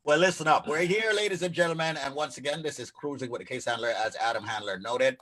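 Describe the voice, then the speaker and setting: A man co-hosting a morning radio call-in show, talking in an energetic, bantering, announcer-like way. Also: medium pitch, fast talker, rough recording. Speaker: radio personality, co-host.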